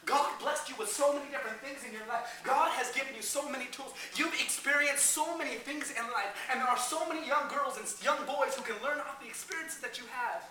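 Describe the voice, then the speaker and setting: Animated young preacher in an echoey hall. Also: male voice, extremely high pitch, brisk, few pauses, a little hiss or hum. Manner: animated storytelling, shouting peaks, acts out quotes. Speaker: youth preacher. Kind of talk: energetic youth sermon. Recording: echoey hall, heard from a distance.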